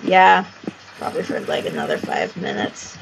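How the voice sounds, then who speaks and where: A woman's voice: rumbling low, huge pitch swings, moderate pace, gravelly, noisy background. A woman playing a video game, chatting casually with a playful, teasing manner. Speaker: gamer. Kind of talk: casual gaming chat.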